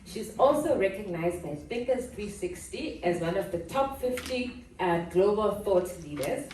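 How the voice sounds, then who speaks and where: A woman's voice: medium pitch, expressive, a little slow, darkish tone, slight background noise. A woman hosting an event, enthusiastically introducing the speaker to the audience. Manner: enthusiastic, sing-song announcing. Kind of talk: stage introduction. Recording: echoey hall, distant mic.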